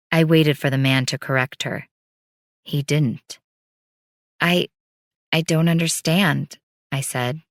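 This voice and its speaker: A woman's voice: low voice, no room sound, clean studio sound. A woman narrating a first-person story as an audiobook, in a wry, bitter tone.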